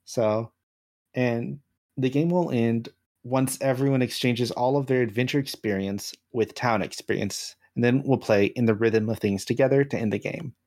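A man running a tabletop game, briskly reading out the rules and joking with the players. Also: mid-range voice, darkish tone. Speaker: game master.

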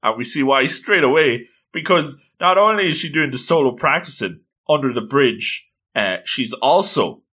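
A man casually recapping a story, retelling scenes with lively quoted asides. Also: mid-range voice, normal speed, few pauses, breathy edge. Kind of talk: casual recap of an anime episode.

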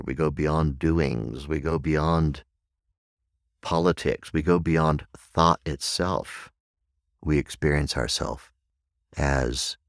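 Meditation teacher guy, super deep voice, dry close sound, says things slow and repeats them. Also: creaky, no echo. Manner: slow, deliberate, repeats key phrases for emphasis. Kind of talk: reflective podcast talk.

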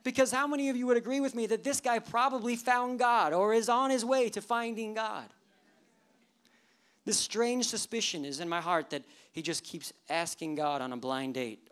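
A pastor giving a church sermon, talking in a lively way, asking the congregation rhetorical questions and dropping joking asides. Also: mid-range voice, normal speed, pauses often. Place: church service.

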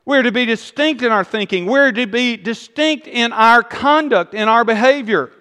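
Preacher, male, high voice, emphatic and repetitive, echoing hall. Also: moderate pace, sharp tone, clean tone. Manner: emphatic, rising and falling delivery with repeated phrases. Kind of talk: sermon.

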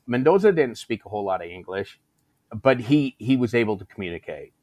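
A middle-aged man telling a story casually, animating the shouted quotes in his tale. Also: on the low side, sing-song, a little fast, dry recording. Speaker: former Marine drill instructor telling a story.

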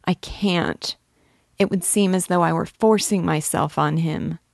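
A woman's voice: lowish voice, unhurried, vocal fry, dry recording, clean studio sound. A woman reading as a heartbroken young woman. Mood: anguished.

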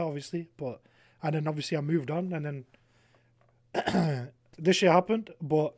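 A young man, a podcast guest, telling a rambling, animated story in casual chat, swearing freely. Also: fairly high pitch, no echo, clean studio sound.

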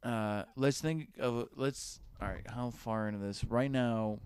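A man's voice: mid-range voice, a little slow, darkish tone, slight background noise. A young man co-hosting a podcast in casual improvised chat, wry and teasing as he steers the bit. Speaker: podcast co-host.

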